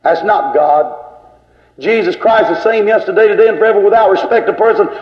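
A man's voice: sits high, fairly quick. An older man preaching an emphatic, scolding sermon in a church. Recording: echoey lo-fi church tape.

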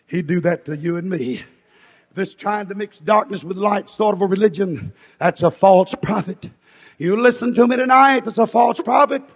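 A man preaching a fiery revival sermon in a strikingly high, gravelly voice, hammering out repeated phrases in shouted bursts. His voice rings through a church hall with a long, reverberant tail. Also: normal speed. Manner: shouting, rhythmic repetition, rising and falling in bursts.

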